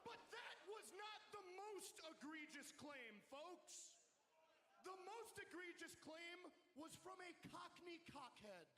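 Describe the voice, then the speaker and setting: Boastful wrestler mocking rivals, high-pitched and shouting, long reverb of a big arena. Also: male voice, sing-song, slow pace. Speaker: pro wrestler. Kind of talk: wrestling promo. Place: large arena.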